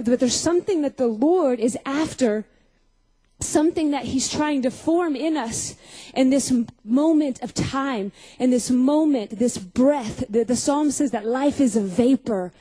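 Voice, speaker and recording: A woman's voice: high voice, mellow, breathy edge, poor audio. A young woman giving a personal testimony sermon, telling stories, acting out scenes and putting questions to her audience. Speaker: speaker at a Christian youth gathering.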